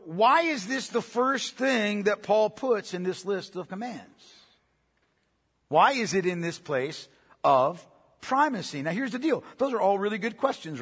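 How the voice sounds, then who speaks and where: Husky high-voiced man preaching a sermon. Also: fairly bright tone. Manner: earnest, emphatic, asks many rhetorical questions, often adds "right?". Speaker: pastor. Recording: long reverb of a large hall.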